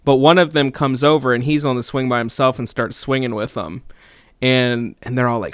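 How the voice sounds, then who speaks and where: Tell it like you're catching your friend up on a wild party: casual, animated, jump into the other people's voices, laugh through it, close to a dry mic, middle pitch. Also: male voice, fast, clear, resonant tone, no room sound. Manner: animated, acts out quoted voices, laughs often. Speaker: podcast co-host. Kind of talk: casual storytelling chat.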